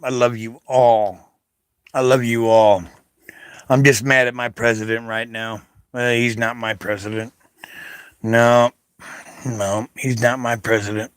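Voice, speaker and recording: A man rambles to camera in a loose, unscripted monologue, swearing freely and tossing out greetings in other languages. He talks slowly and unhurriedly, in a voice of middling pitch. The recording is dry and close, with no room sound. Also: a bit bright, clean tone, dry recording. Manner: rambling, swearing, hopping between foreign greetings.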